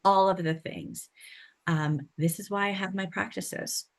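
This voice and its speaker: A woman sound healer, a guest on a podcast, calmly explaining her work and often checking in with "right?". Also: mid-range voice, measured pace. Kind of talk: interview conversation.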